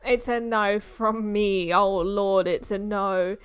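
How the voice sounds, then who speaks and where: A woman's voice: mid-range voice, fairly even intonation, slow, clean tone, no echo. A young British woman giving playful, teasing commentary while reacting to a film. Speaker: movie reaction host.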